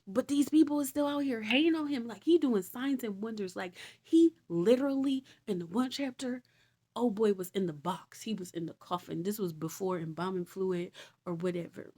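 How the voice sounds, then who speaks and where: Woman vlogger, casual storyteller, slangy and animated, often exasperated. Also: medium pitch, normal speed, slightly rough. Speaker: vlogger retelling Bible stories.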